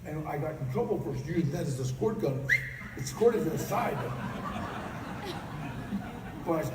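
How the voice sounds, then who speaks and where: A man on stage tells personal stories with a high, lively voice that swings widely, breaking into loud acted outbursts. He is heard from far off in a large, echoey convention hall with faint ambient noise. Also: moderate pace, pauses often. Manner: animated, bursts of loud acted outbursts and laughter. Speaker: conference speaker. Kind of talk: personal storytelling speech.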